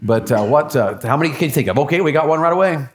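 A man's voice: on the high side, animated, fast talker. Folksy preacher man quizzing his class. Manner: folksy, encouraging, asks the room questions. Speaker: pastor leading a class. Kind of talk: interactive sermon.

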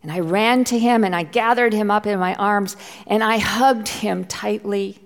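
In a large church hall, a middle-aged woman pastor preaches a sermon at a moderate pace and medium pitch. She tells a personal story with heartfelt feeling, sometimes dropping to a near whisper.

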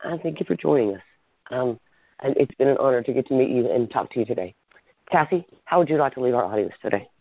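A man's voice: medium pitch, lively intonation, fast talker, creaky, dry recording. An earnest man hosts a podcast conversation, talking things through in a reflective, chatty way. His voice is recorded dry and close, with a slightly dull, muffled top end. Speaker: podcast host. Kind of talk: casual interview chat.

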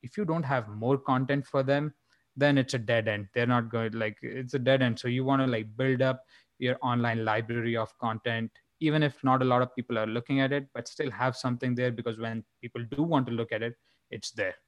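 Young male comic from India, casual chat, mid-pitched, rambling, dry booth sound. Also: steady tone, brisk, no echo, dull audio. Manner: rambling, with many fillers and restarts. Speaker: stand-up comedian and podcast guest.

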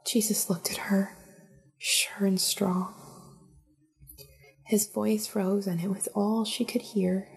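Breathy, hushed woman storyteller. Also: fairly low pitch. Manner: hushed, breathy storytelling, often near a whisper. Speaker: narrator. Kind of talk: storybook narration.

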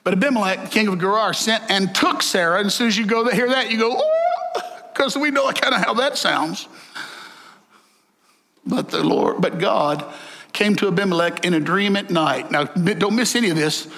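A male preacher giving a folksy, animated sermon and joking with the congregation. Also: high-pitched, moderate pace. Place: church sanctuary. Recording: echoey hall.

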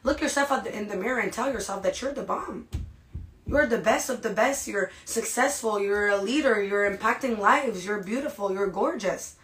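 A woman hosting a podcast, giving an energetic, casual motivational talk and often checking in with "right?" and "you guys". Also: mid-range voice, normal speed. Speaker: podcast host. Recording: echoey room.

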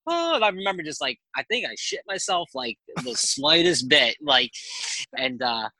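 A man guest on a podcast, telling animated, rambling anecdotes in casual chat and swearing freely. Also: a little high, normal speed, dry recording, low-quality recording.

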